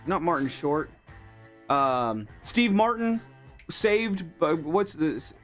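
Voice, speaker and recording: A man co-hosting a casual talk radio show in relaxed, chatty banter. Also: on the high side, takes it slowly, faint music behind. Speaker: co-host.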